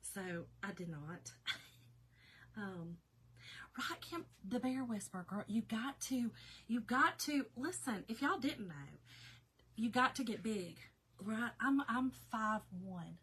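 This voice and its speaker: A woman in her fifties, a little hoarse, chatting casually with viewers by name during a crafting live stream. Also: a little high, slow pace, a bit bright. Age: 50s. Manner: chatty, talks to viewers by name, laughs often. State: slightly hoarse, recovering.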